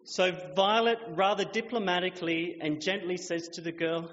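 A man in his thirties, a pastor telling a lively story in his sermon and acting out children's voices, recorded in a church. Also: high-pitched, normal speed. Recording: echoey hall, dull lo-fi sound.

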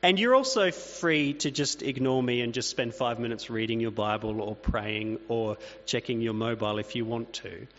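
A man preaching a sermon in a relaxed, conversational manner, talking to his congregation as if in a chat. His voice rings with a long hall reverb, and the recording is dull and muffled, with a faint mains hum underneath. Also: mid-range voice, moderate pace, hardly any pauses. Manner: conversational, plain-spoken preaching with asides. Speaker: pastor.

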